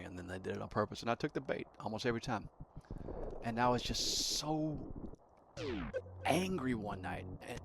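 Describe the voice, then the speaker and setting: A man chatting casually while playing a game, soft-spoken and halting, with many restarts. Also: fairly low pitch, noisy background. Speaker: gaming streamer. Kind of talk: casual let's-play chat.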